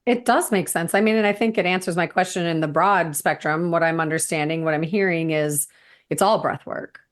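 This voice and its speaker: A woman's voice: lowish voice, fairly quick. A woman hosting a podcast interview, reflecting on and summing up what her guest has said. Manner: reflective, summarizing back to the guest. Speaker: podcast host. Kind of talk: conversational interview.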